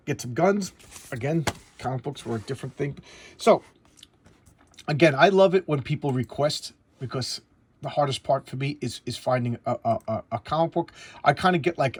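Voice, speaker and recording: A middle-aged man casually reviewing an old comic book, rambling and animated, acting out bits of dialogue as he goes. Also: medium pitch, slightly rough.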